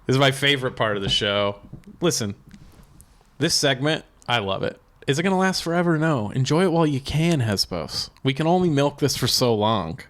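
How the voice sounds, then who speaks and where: A man's voice: medium pitch, expressive, moderate pace, a bit bright. A man hosting a comedy podcast, playful and chatty, introducing segments like a mock game show. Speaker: podcast host. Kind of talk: casual comedy podcast chat.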